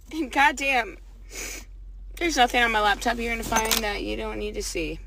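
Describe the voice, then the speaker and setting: A woman's voice: fairly high pitch, moderate pace, creaky, bright, forceful tone, dry recording. A woman livestreaming an angry rant, swearing a lot and rambling as she confronts someone.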